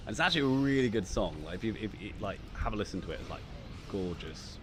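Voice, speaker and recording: A man's voice: lowish voice, a little fast, background noise. A man hosting a casual live stream, rambling and repeating words as he announces giveaways. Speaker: livestream host.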